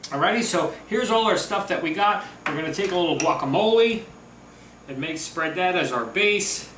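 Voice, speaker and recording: A man's voice: sits high, expressive, moderate pace, distant mic, background noise. A man chatting casually through a home cooking demo, upbeat and talkative. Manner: chatty, upbeat, talks with mouth full. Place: home kitchen. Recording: roomy echo, voice from off-mic. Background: sizzling food on a grill.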